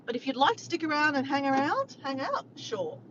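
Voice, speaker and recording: A woman's voice: sits high, very animated, fairly quick, fairly bright tone, highs cut off, slight background noise. An Australian woman chatting casually with her viewers while driving, filmed on a phone. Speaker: vlogger. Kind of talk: casual chat to a live chat. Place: in a car. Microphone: phone camera.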